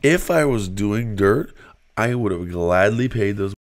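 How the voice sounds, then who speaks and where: A man with a very deep voice tells a long personal story in loose, conversational fashion. He rambles and fills nearly every pause with "like," keeping everything offhand and unscripted. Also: lively intonation. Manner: rambling, filler-heavy, frequent "like". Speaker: guest telling his story. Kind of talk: casual storytelling.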